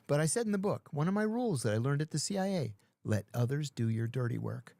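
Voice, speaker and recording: A man's voice: on the high side, very animated, fast, vocal fry, mellow, dry recording, clean studio sound. A middle-aged man telling stories in casual talk, acting out other people's lines as he goes. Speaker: podcast guest. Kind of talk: casual storytelling.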